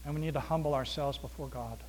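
Talking fast in a mid-range voice, this male preacher alternates booming emphasis with hushed, almost whispered moments. He plays out bits of dialogue and poses rhetorical questions to his congregation.

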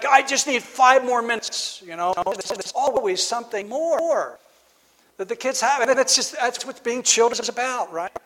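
High-voiced man preaching in a reverberant hall. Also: a bit bright. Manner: reflective, halting with frequent restarts. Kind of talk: sermon.

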